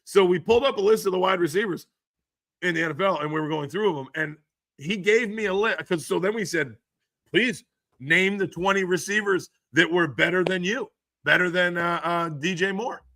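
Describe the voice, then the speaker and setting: Hoarse dude streaming football news, gets all hyped, bright sharp voice, bone dry close mic. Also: male voice, high-pitched, normal speed, no room sound. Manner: excitable, laughs often, reads chat aloud. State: hoarse from screaming. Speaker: live stream host. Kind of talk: casual live-stream chat about football news.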